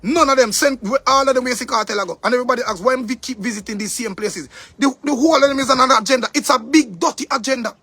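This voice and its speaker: A man's voice: very high voice, very fast, hardly any pauses, bright, forceful tone, no echo. A man with a Jamaican accent delivering an angry, profane monologue rant, repeating himself for emphasis. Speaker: commentator.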